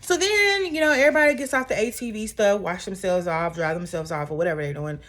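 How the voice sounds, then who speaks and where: A woman's voice: mid-range voice, quick pace, a bit bright. A woman casually recapping a reality TV episode in a chatty, sassy way, full of asides.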